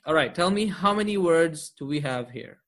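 A man's voice: on the high side, animated, moderate pace, a bit bright. A man teaching an Arabic grammar lesson, patiently quizzing his students and checking in with frequent questions.

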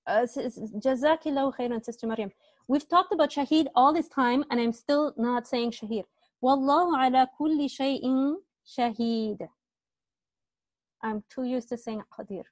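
A woman's voice: on the high side, fairly quick, dry recording. A woman teaching an online Arabic grammar class, explaining step by step and often checking with students, with a slight cough.

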